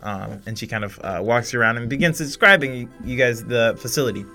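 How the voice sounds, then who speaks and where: Man, game master, tabletop narration, halting, lots of filler words, middle pitch. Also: bright, forceful tone, soft background music. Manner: halting, full of fillers and restarts.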